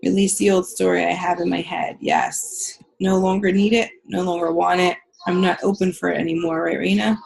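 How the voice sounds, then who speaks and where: A woman's voice: lowish voice, flat delivery, moderate pace, creaky, hardly any pauses, darkish tone, low-quality recording. A woman leading a spiritual healing group. She reads out members' comments, affirms them with repeated phrases, then guides a meditation.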